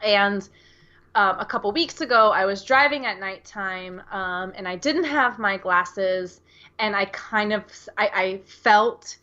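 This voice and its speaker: A woman's voice: medium pitch, slow, bright, forceful tone, dull audio. An American woman co-hosting a podcast, chatting casually and rambling with lots of fillers. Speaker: podcast co-host. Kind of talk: casual chat.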